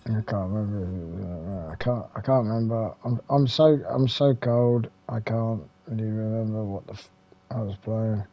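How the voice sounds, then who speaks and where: A man's voice: on the low side, moderate pace, highs cut off. A man with an English accent, hosting a retro gaming channel, rambling casually with mild swearing and lots of fillers and restarts.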